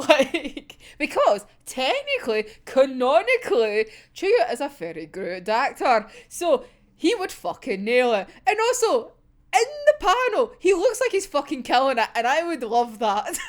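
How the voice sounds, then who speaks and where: Young woman host, high and animated, excitable and foul-mouthed, casual reaction chat. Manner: excitable, swears a lot, laughs often. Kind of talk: casual manga reaction vlog.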